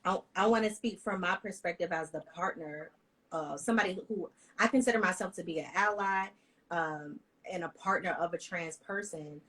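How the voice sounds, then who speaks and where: A woman on a discussion panel telling a heartfelt personal story with animated, emotional delivery. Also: fairly low pitch, normal speed, breathy edge, low-quality recording.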